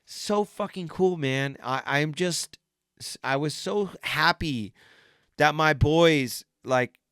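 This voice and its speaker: A man hosting a podcast, talking in a rambling, excited way, swearing often and laughing between stories. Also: a little high, slow pace, clean tone, no echo, clean studio sound. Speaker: podcast host. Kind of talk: casual chat.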